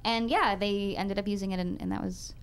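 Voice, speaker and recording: A woman's voice: medium pitch, steady tone, a little fast, a little hiss or hum. A young woman, a comedian and musician, telling a chatty anecdote as a guest on a web talk show. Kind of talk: casual interview storytelling.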